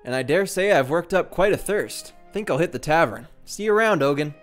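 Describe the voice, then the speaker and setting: Guy reading a hearty young apothecary from a game, loud and a bit higher than his usual voice, game music faint behind. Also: expressive, brisk, natural voice. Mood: cheerful. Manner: boisterous, reading game dialogue aloud.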